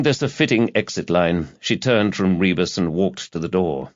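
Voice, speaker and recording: A male narrator with a low voice tells the story at a measured, brooding pace. The sound is dull and lo-fi, very dry, with no room heard. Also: lively intonation, no room sound. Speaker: audiobook narrator. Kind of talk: scripted narration.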